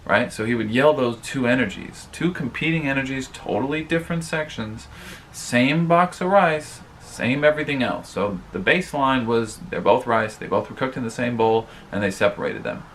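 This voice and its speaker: A man's voice: mid-range voice, animated, a little fast, few pauses, a bit bright, a little hiss or hum. A man hosting his own advice vlog, talking casually and rambling, with lots of fillers and frequent asides to his viewers. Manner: rambling, filler-heavy, addresses viewers directly. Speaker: vlogger host.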